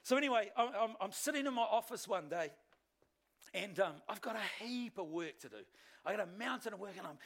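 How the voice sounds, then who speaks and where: A male pastor, preaching a sermon with animated, self-deprecating storytelling. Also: sits high, gravelly.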